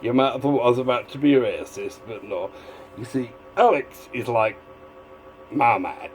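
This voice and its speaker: A man's voice: mid-range voice, normal speed, a little mellow, soft background music, rough recording. A man giving a casual, rambling video commentary, drifting between asides. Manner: rambling, digressive, full of fillers and restarts. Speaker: vlogger.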